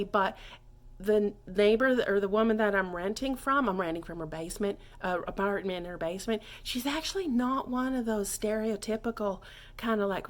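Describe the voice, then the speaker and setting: A woman's voice: mid-range voice, lightly acted. A woman playing a scatterbrained character who gives a clumsy French lesson, rambling off on tangents and stumbling over phrases. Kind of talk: comedic mock lesson monologue.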